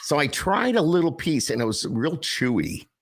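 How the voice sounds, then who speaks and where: A man's voice: fairly high pitch, very animated, moderate pace. A man from the Northeast US hosting a podcast, chatting casually and joking, with lots of rambling asides. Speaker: podcast host. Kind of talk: casual interview chat.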